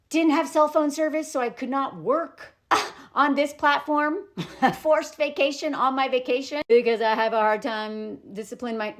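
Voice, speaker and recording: A woman vlogging to camera, telling a story with animated, indignant commentary. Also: sits high. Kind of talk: opinionated commentary vlog. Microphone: self-recorded to camera.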